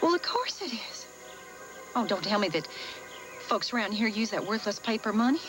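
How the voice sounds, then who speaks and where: A woman's voice: medium pitch, sing-song, moderate pace, close to an everyday voice. An actress playing a stubborn, folksy frontier woman lost in modern times, in a 1980s TV soap. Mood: insistent. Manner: folksy old-fashioned talk, pleading. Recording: TV soundtrack with music underneath.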